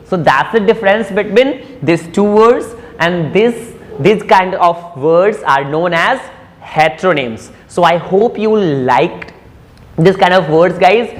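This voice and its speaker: Indian woman teaching English, reverberant room. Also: fairly low pitch. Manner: explains patiently, repeats words slowly for emphasis. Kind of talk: classroom lesson mixing English and Hindi.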